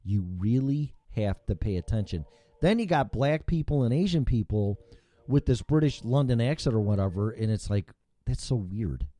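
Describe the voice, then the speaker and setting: A man's voice: mid-range voice, animated, normal speed, dark tone. Rambling, foul-mouthed male talk show host. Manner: rambling, profane, with frequent restarts. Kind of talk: casual podcast chat.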